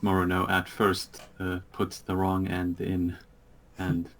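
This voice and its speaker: A man narrating a tabletop game as game master over an online call, halting with many fillers. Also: sits low, completely flat delivery.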